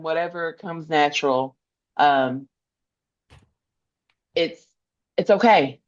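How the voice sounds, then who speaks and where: A woman with a low voice, heard on a muffled recording, is a social worker appearing as a guest on a podcast. In this conversational interview she talks earnestly and emphatically, repeating phrases to drive her point home.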